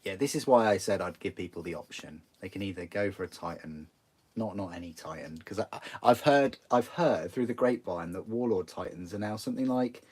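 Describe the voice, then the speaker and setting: Young northern English male hobby streamer, low gravelly-soft voice, chatty and meandering. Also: lively intonation, brisk. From northern England. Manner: rambling, chatty, many restarts. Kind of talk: casual chat while building models.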